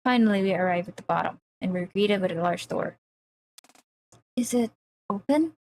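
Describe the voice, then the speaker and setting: A woman's voice: mid-range voice, moderate pace, darkish tone, slight background noise. A woman streamer reading a visual novel aloud on a livestream, breaking off into nervous, easily spooked chatter with her chat.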